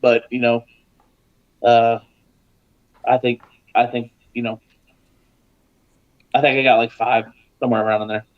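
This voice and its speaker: A man telling a story casually on a live show as a guest pitmaster, animated, his voice jumping higher when he acts out other people. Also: unhurried, long pauses, highs cut off.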